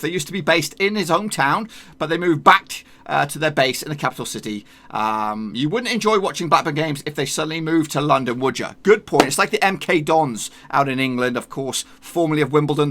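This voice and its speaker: A man's voice: a little high, bright, forceful tone. A man hosting a football channel, talking in a chatty, jokey way with plenty of slang. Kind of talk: casual football vlog.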